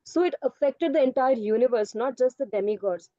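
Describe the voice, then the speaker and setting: A woman teaches children over a video call. Her voice is high and mellow, and she explains slowly and patiently. The call audio is dull and dry. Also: no echo. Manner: patient, explanatory, calls students "beta". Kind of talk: online class answering students' questions.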